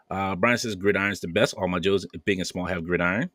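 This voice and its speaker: A man's voice: low voice, fairly even intonation, fast talker, hardly any pauses, a bit bright, no room sound, studio quality. A man hosting a podcast, casually reading viewer comments aloud with playful banter and frequent laughter. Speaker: podcast host.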